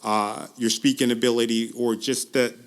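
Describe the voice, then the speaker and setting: A man working as a public speaking coach, giving a casual, earnest pitch straight to the viewer, with frequent ums, restarts and repeated phrases, his pace speeding up and slowing down. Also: level tone. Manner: uneven pace, speeds up and slows down. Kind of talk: casual direct-to-camera pitch.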